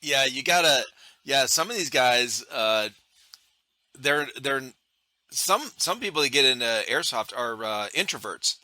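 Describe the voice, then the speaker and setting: A man's voice: medium pitch, expressive, measured pace, pushed and bright, no echo. A man hosting a podcast, chatting casually with laid-back, short reactions. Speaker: podcast host.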